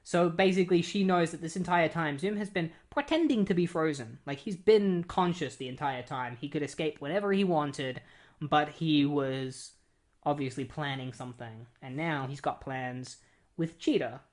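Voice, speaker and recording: A comic book reviewer talking through a story recap in a loose, conversational way. The delivery is chatty and full of fillers, with dismissive little asides, at a middling pitch. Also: moderate pace. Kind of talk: casual plot recap.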